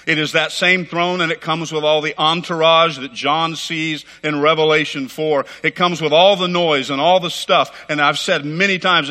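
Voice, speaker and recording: A middle-aged pastor delivers a fervent sermon, pressing his points with quick, emphatic repetition. His voice is bright and forceful, a touch higher than most men's. It rings out with the long reverb of a church sanctuary. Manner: fervent, rapid and emphatic, repeating phrases.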